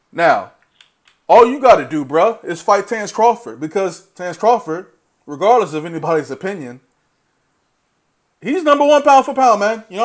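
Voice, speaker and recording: A man ranting about boxing fighters in casual speech, blunt and heated, swearing freely and talking straight at the fighters he criticizes. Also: sits high. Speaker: boxing commentary vlogger. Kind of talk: opinionated casual rant.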